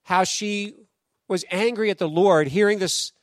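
A man preaching a sermon in a conversational, animated storytelling way, acting out quoted voices. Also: high-pitched, unhurried, no echo, studio quality. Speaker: pastor.

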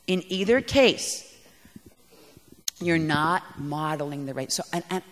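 Animated woman speaking in an echoey hall. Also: low-pitched, slow. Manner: animated and emphatic, self-mocking. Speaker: speaker at a parenting talk. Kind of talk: talk to an audience.

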